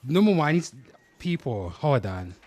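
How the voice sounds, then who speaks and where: A man hosting a livestream, reacting to clips in an animated, mock-dramatic way and calling out to viewers. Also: mid-range voice, a little slow, no echo. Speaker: livestream host. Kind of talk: live reaction commentary.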